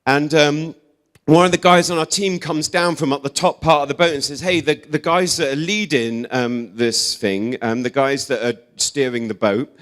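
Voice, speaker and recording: A man's voice: on the high side, normal speed. A young English man preaching in a casual, chatty way. He tells humorous stories with lots of "like" and "um" and pokes fun at himself. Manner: chatty, self-deprecating, animated storyteller with many "like"s and "um"s. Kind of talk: casual storytelling sermon.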